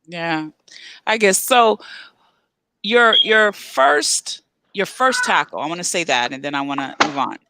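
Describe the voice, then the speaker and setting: A woman hosting an interview, asking eager, expressive questions. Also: lowish voice, a little slow, very noisy. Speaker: host.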